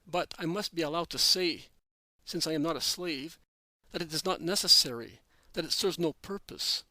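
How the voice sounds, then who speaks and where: Judas: resentful, protesting apostle, read by a man, slightly high voice, dry recording. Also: moderate pace, sharp tone, dry recording. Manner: protesting, insistent. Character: Judas, anxious resentful adult male apostle.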